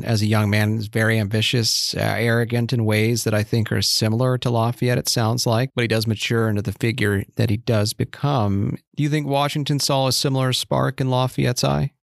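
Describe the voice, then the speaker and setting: A man's voice: mid-range voice, steady tone, moderate pace, vocal fry, few pauses, no echo, studio quality. A man hosting a history podcast, asking long, thoughtful questions of his guest. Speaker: podcast host. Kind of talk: interview questions.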